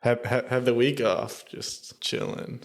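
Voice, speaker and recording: A man's voice: medium pitch, fairly even intonation, a little slow. A man co-hosting a film podcast in casual chat, with dry, punning humor. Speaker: podcast co-host.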